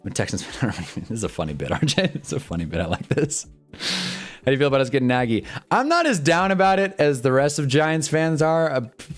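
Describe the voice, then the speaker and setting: A young man live-streaming commentary on a football awards show, swearing and laughing as he swings from loud outbursts to low mumbles. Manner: profane, laughs often.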